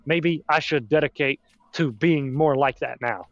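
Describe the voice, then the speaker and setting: Guy on a podcast thinking out loud, slightly high voice, dry muffled mic. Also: measured pace, no room sound. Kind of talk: casual podcast chat.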